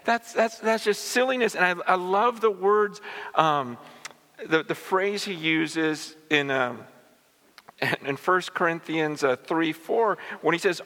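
A man preaching a sermon as pastor, animated, often repeating words and acting out the people he quotes. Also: fairly high pitch, slow pace. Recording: long reverb of a large hall.

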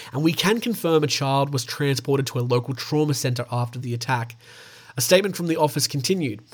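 A man with an Australian accent hosting a casual show, reading out animal news stories and tossing in swearing asides. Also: on the high side. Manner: stumbles over names, swears in asides.

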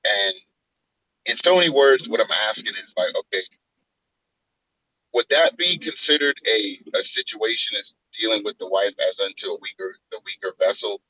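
A man calling in to a talk show, telling a story in a halting way with many restarts. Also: lowish voice, pushed and bright, husky, dry recording, low-quality recording. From South Carolina. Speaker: caller. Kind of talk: casual call-in talk.

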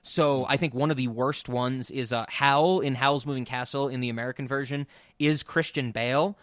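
A man's voice: mid-range voice, steady tone, normal speed, dry recording, clean studio sound. A man hosting a podcast, chatting casually and rambling with strong opinions about film voice acting. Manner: rambling and opinionated, many ums and restarts, swears. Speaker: podcast host.

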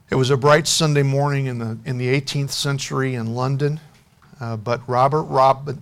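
Earnest male preacher telling a story. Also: mid-range voice. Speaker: pastor. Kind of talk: sermon storytelling.

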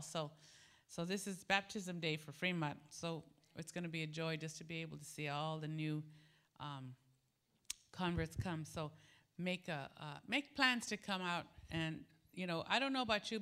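A middle-aged woman pastor telling a personal story to her congregation in a casual, animated sermon, laughing as she goes. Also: on the low side. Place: church sanctuary.

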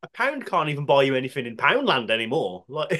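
A man's voice: medium pitch, very animated, brisk, bright, forceful tone. A man co-hosting a podcast, giggling and reacting to jokes. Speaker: podcast co-host. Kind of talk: casual comedic chat.

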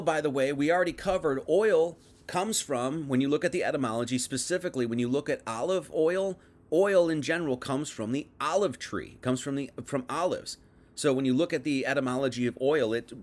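A man teaching on a Bible passage in a livestream, chatty, dropping to quiet asides and then rising to emphatic bursts, reading verses aloud and paraphrasing them loosely. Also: medium pitch. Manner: conversational, swings from quiet asides to emphatic outbursts. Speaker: preacher.

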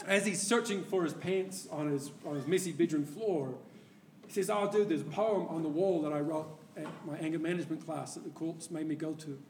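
A man preaching a sermon, telling a story with lively laughter and acted-out quotes, heard from a distance in an echoey church hall. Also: a little high, a little fast, a little hiss or hum. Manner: animated storyteller, laughs often, acts out quoted voices.

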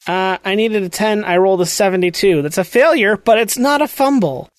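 A man's voice: sits high, fairly quick, slight background noise. A man playing a tabletop game, with wry, exasperated banter. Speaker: player.

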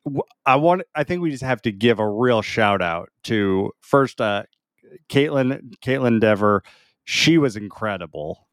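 Male podcast co-host, smooth and clear, relaxed casual movie talk, dry close sound. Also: lowish voice, unhurried, dry recording. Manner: relaxed, laughs often, hedges with "like".

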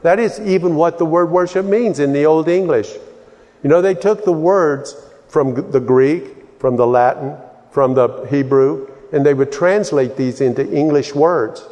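A man's voice: a little high, unhurried, dark tone, big-room sound. A man from Texas preaching a sermon in a rambling way, often restarting his sentences and wandering into asides.

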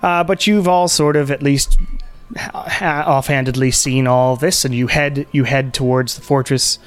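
A man's voice: mid-range voice, fairly even intonation, moderate pace, soft background music. A man narrating a tabletop game as game master, rambling with many fillers and restarts.

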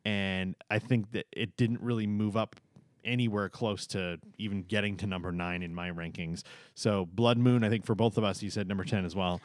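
A man's voice: on the low side, fairly even intonation, normal speed, no echo, studio quality. A man co-hosting a podcast in casual chat, talking with frequent ums and uhs. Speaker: podcast co-host.

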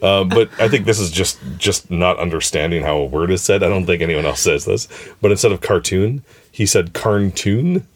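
Deep-voiced man in casual chat. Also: brisk. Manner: chatty, laughs often, trails into fillers. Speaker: podcast host.

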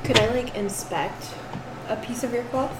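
A woman's voice: a little high, moderate pace. A woman playing a tabletop game, casual and a bit hesitant. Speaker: player. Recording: echoey room with background noise.

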